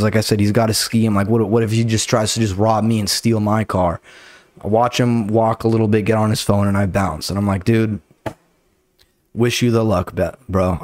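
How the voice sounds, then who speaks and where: A man's voice: on the low side, darkish tone, dry recording. A young man hosting a podcast, telling a story in a casual way, full of slang and swearing. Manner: laid-back, heavy slang and swearing, retells his own lines. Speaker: podcast host.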